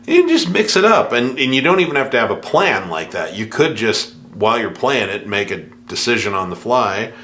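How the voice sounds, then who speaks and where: A man teaching a piano lesson, scatting rhythms in nonsense syllables to show the feel, relaxed and easygoing. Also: medium pitch, moderate pace, few pauses, a little hiss or hum. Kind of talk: music lesson with spoken rhythm demos.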